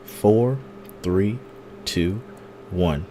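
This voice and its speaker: A man's voice: deep voice, very slow, dark tone, a little hiss or hum. A man co-hosting a casual wrestling podcast, counting the show in and announcing topics with showman flair. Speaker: podcast co-host.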